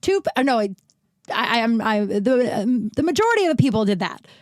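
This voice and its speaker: A woman's voice: fairly high pitch, sing-song, brisk, no echo. Sick worn-out woman rambling on her podcast, stops and restarts, swears, dead dry mic. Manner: rambling, self-interrupting, candid with swearing. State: sick and tired. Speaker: podcast host. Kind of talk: casual solo podcast chat.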